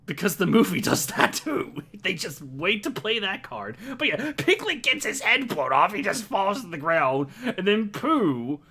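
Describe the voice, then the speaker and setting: Picture an excited man retelling a film to his friends in loose casual chat, his voice riding up and down all over the place. He sits fairly high for a guy, laughs a lot, and keeps tripping into restarts before he finishes a thought. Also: measured pace, hardly any pauses, breathy edge. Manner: animated, laughing, rambling with restarts. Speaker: host recapping a movie to friends.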